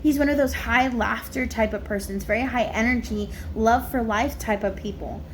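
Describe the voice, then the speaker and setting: A woman's voice: fairly high pitch, normal speed, slight background noise. A woman psychic medium giving a casual, rambling spirit reading on camera, full of fillers. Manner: chatty, rambling, many fillers.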